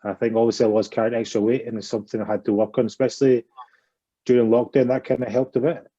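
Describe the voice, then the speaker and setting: A man's voice: mid-range voice, little pitch movement, fast, dark tone, husky, highs cut off. A man answering interview questions plainly and a little hesitantly. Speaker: cricketer, guest.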